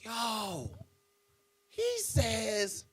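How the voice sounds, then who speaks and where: A man with a very high, bright voice tells a story to a club audience. He acts it out with dramatic pauses and punchy spoken sound effects. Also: huge pitch swings, slightly rough. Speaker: guest speaker. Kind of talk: speech telling a story.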